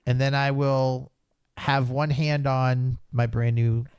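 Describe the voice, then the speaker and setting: A man's voice: mid-range voice, flat delivery, takes it slowly, a little mellow, clear, resonant tone, no room sound. A man playing a tabletop game, chatting casually and chuckling often. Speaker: player.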